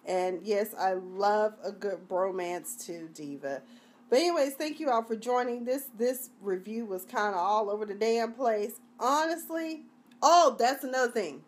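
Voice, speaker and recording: A woman's voice: mid-range voice, measured pace, a little hiss or hum. A woman hosting a casual live-stream review, talking in a chatty, rambling, slangy way. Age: adult (junior high long ago).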